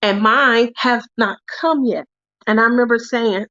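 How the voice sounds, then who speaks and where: A chatty woman hosts a crafting livestream, spinning stories and laughing often in a slightly high voice. The sound is dull and lo-fi, and it is dry and close. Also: unhurried, pushed and bright, no room sound. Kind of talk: casual chat while crafting.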